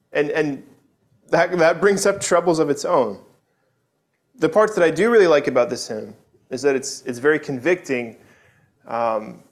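Male preacher, slightly high voice, earnest and conversational, restarts often. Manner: earnest, conversational, frequent restarts and tag questions. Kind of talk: sermon.

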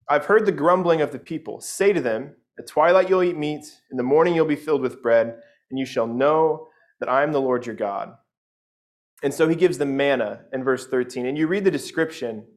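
A young man giving a casual sermon, reading scripture aloud and retelling it in plain chatty words, with lots of "like" and quick asides. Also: on the high side. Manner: conversational, many "like"s and asides, slips into quick voices for people in the story. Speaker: pastor.

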